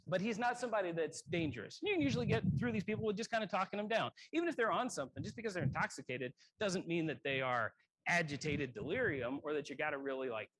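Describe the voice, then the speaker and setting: A man giving a casual emergency medicine lecture, conversational and self-correcting, often clearing his throat. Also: sits high, a bit bright, no echo, low-quality recording.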